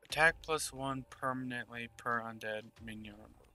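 A man's voice: mid-range voice, normal speed, sharp tone, faint music behind. A man giving casual gameplay commentary, thinking aloud and murmuring game text as he plays. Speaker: gaming channel host.

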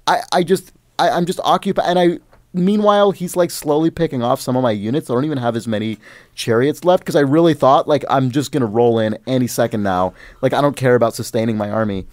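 A podcast host with a medium-pitched, slightly mellow voice talks quickly, rambling through a long story about a video game. He swears often and gets worked up in the casual chat, and the recording is dry, with no echo.

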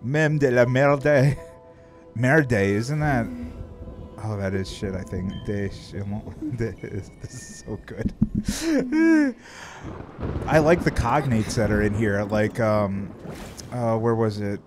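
Slow, low-voiced swearing gamer man. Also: lively intonation, music in the background. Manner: swears freely, laughs often, rambles with restarts. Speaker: streamer. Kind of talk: casual live-stream chat while gaming.

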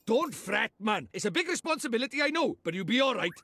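A man's voice: extremely high pitch, big pitch swings, fast talker, creaky, pushed and bright, full character voice. An actor playing a boastful, chatty little male fairy lord with a lilting Welsh accent in a video game. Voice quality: lilting, brash and talkative. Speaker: game character.

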